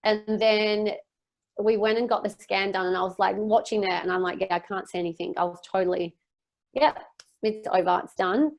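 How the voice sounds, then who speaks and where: A woman's voice: mid-range voice, fairly even intonation, normal speed, creaky. A young woman speaking as a guest on a podcast. She tells a very personal story in a candid, emotional way. She rambles and uses many fillers as she talks.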